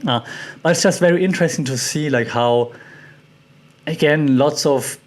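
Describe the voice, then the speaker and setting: A man's voice: on the high side, normal speed. A man hosting a solo podcast, thinking aloud with many fillers and restarts and putting questions to his listeners. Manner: curious, puts questions to listeners. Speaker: podcast host. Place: lives in Thailand.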